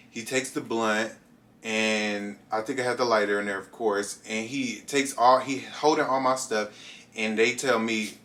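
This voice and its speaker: A young man in his twenties telling a storytime to camera in a casual, animated way, talking straight to viewers and jumping into high voices for quoted lines. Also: unhurried, slight background noise. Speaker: vlogger.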